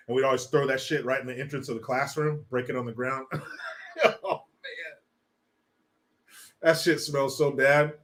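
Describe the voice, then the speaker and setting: A man hosting a casual livestream, reading chat and ranting with lots of profanity and laughter. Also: mid-range voice. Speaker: live stream host.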